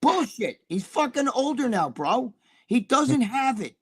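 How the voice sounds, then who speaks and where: A man's voice: very high voice, very animated, unhurried, breathy edge. A middle-aged man co-hosting a casual live-stream chat, rambling through profane stories. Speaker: co-host.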